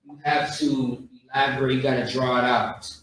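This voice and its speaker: A man's voice: mid-range voice, flat delivery, moderate pace, a bit bright. A man teaching pronunciation in a coaching, repetitive way, drawing out sounds. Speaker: street teacher. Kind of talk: outdoor pronunciation lesson. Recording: echoey, from far off.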